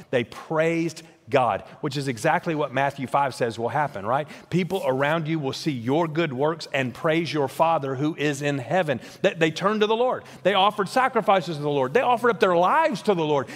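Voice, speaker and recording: A male pastor preaching a sermon, emphatic, often repeating words as he builds to a point and then dropping low and quiet. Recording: long hall reverb.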